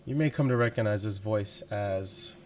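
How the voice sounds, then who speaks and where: A man narrating as game master in a tabletop game, in a slow, deliberate way with frequent laughs. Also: fairly low pitch, noisy background.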